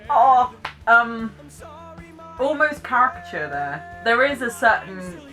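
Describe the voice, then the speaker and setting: A woman's voice: a little high, sing-song, takes it slowly, bright, forceful tone, soft background music. A British woman giving chatty, self-deprecating reaction commentary, laughing often as she talks. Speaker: vlogger reacting to clips.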